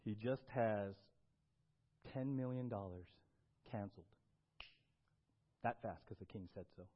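A man preaching a sermon as pastor, swinging between loud emphatic bursts and quiet, low stretches. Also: unhurried, lo-fi sound.

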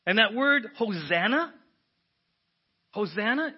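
A man preaching a sermon as pastor, animated and often asking the congregation "right?". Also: extremely high pitch, moderate pace, slightly rough. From United States. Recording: dull lo-fi church audio.

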